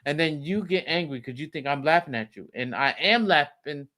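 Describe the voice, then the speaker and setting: A man in a heated family argument as a father, talking in a raised, forceful, lecturing way. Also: on the high side, expressive, moderate pace. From United States.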